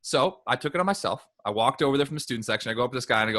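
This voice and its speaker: Bright-voiced storytelling man from Michigan. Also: mid-range voice. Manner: animated storyteller, quick asides. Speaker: podcast co-host. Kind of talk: casual podcast chat.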